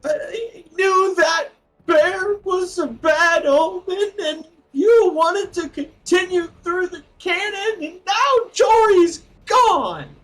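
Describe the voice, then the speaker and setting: Sobbing adventurer woman, high shrill pitch, crying, a man doing the voice. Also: slow, fairly bright tone, recorded from a distance, full character voice, rough recording.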